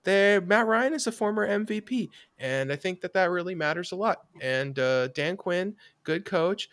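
An overeager, upbeat caricature of a male co-host, as a man puts him on, pitched far above his usual voice. It sounds close and dry, with no room around it. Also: lively intonation, moderate pace, a bit bright, dry recording. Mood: gushing. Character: exaggerated impression of a male co-host.

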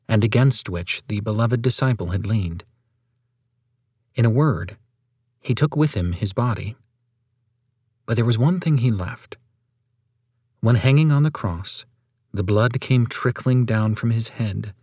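A man reading a sermon aloud in a measured, solemn and emphatic way. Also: on the low side, a little mellow, no echo, studio quality. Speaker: reader of a sermon.

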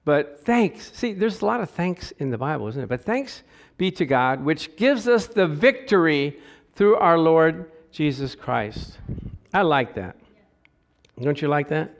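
A middle-aged pastor preaches with lively, animated energy. His voice sits high for a man and climbs louder through scripture readings. He drops into easy joking asides between verses. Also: a little slow. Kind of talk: sermon.

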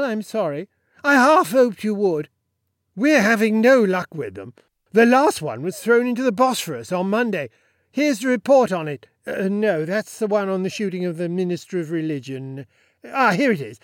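A man's voice: sits high, no room sound, clean studio sound, voice pushed up. A man voicing a pompous, boastful little Sultan in a story reading, talking in a bossy, self-satisfied way. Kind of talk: audiobook character voice.

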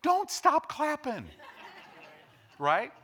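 A man preaching a sermon as pastor, building from quiet to loud and emphatic. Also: very high voice, huge pitch swings, extremely slow, a faint crowd.

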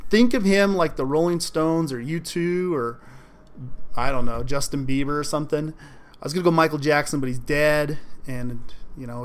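A man hosting a solo sports podcast, talking in an animated, emphatic way and mocking fans' complaints. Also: fairly high pitch. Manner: animated, emphatic, mocking quoted fans in exaggerated voices. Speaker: podcast host.

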